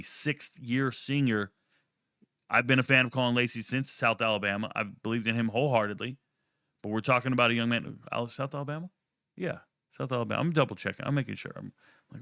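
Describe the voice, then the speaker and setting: Brash male sports bettor, profane trash talk, bright forceful tone, smooth clean voice. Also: a little fast, no echo, studio quality. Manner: boastful, swings from low mutter to loud high outbursts. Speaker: sports betting analyst. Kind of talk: casual sports prediction talk.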